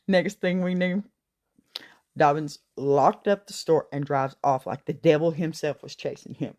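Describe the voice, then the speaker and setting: A middle-aged woman spins folksy comic tales, drawling and wry. Her voice sits low and mellow, and she takes her time with every line. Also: measured pace. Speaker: comedic storyteller. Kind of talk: comic storytelling monologue.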